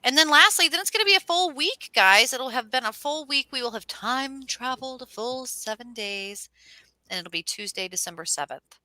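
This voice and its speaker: A woman hosting a casual astrology chat, telling stories in a lively way and acting out what people said. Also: sits high, moderate pace, dry recording. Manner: animated storyteller, acts out quotes. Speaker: host.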